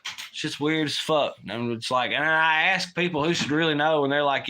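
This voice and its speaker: A man's voice: fairly high pitch, normal speed, bright, forceful tone. A man hosting a casual livestream, rambling and swearing while he reads chat aloud. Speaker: livestream host.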